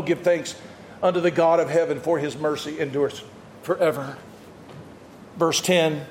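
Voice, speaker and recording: A male pastor preaching an impassioned sermon, shouting at peaks and dropping to quiet asides. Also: high-pitched, echoey room.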